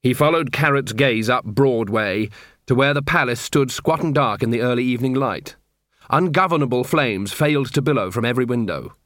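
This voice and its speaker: A man reading a novel aloud as an audiobook narrator, steady and measured. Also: medium pitch, no room sound, studio quality. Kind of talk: scripted narration.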